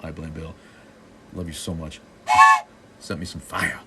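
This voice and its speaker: Low-voiced, snarky man from Boston, middle-aged, hosting a loose live-stream chat. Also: flat delivery, measured pace, sharp tone, slight background noise. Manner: snarky, joking, loose with many restarts. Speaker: live stream host answering viewer comments.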